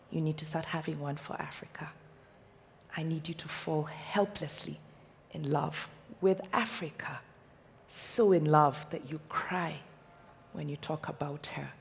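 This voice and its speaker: Kenyan woman speaker, deliberate unhurried delivery, passionate rhetorical questions, big reverberant hall. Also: deep voice, creaky, slight background noise. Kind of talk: motivational stage talk. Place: stage in a large hall.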